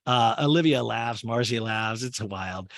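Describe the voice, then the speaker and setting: A man's voice: mid-range voice, measured pace, vocal fry, a bit bright, no room sound, clean studio sound. A man hosting a comedic TV recap, sarcastic and mimicking the people he quotes. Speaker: recap host.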